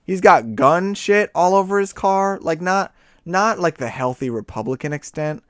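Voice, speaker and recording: Rambling, sardonic young podcast co-host. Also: male voice, high-pitched, lively intonation, normal speed, fairly bright tone, clear, resonant tone, dry recording, studio quality. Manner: rambling, sardonic, laughs often. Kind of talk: casual storytelling chat.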